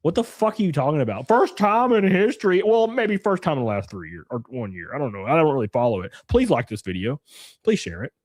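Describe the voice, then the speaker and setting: A man hosting a livestream while sick. He reacts to clips in loose, profane banter. His voice sits at a middling pitch, and the recording is dry with no room sound. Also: sing-song, quick pace, darkish tone, dry recording. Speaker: livestream host. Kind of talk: casual chat reacting to videos.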